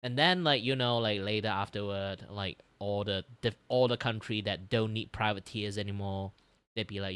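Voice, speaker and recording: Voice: low voice, steady tone, normal speed, fairly bright tone, clean tone, dry recording. A streamer chatting casually while reacting to a video, rambling with constant "like" fillers. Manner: rambling, heavy use of "like" fillers.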